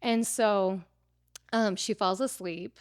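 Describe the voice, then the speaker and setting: A woman's voice: mid-range voice, steady tone, takes it slowly, smooth, no echo, studio quality. A woman in her thirties, a preparedness teacher and interview guest, telling her story casually with lots of "like" fillers.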